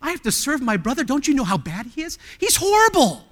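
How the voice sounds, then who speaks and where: Man doing a high squeaky complaining kid, incredulous whine, long church reverb. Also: huge pitch swings, brisk, a bit bright, full character voice. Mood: indignant whine. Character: whiny indignant kid grumbling about a sibling.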